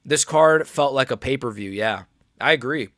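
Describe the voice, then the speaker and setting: A man hosting a casual livestream, reading chat aloud and talking in a relaxed, rambling way with many fillers and restarts. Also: mid-range voice, normal speed, no echo, studio quality. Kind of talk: casual live-stream chat.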